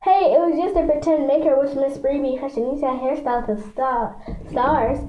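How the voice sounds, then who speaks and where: Woman reading a kids' book aloud, high voice, chatty asides, roomy lo-fi sound. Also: moderate pace. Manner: chatty, stumbles and adds asides to listeners. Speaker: reader.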